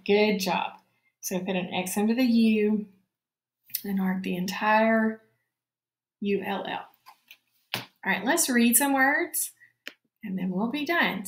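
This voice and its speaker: Slow, careful woman teacher, echoey room. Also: medium pitch. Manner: slow, clear dictation, repeating each word. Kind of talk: spelling lesson for young children.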